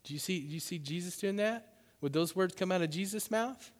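A man preaching a sermon to his church, passionate and swinging into loud, emphatic bursts. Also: high voice, fairly quick. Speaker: pastor. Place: church sanctuary. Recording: long hall reverb.

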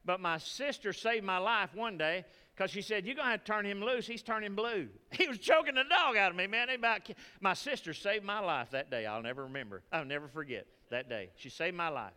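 A man with a Texan accent preaching a sermon as pastor, folksy and animated, telling stories to the congregation. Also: sits high, a little fast, hardly any pauses, clear, resonant tone, in a large hall. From Texas.

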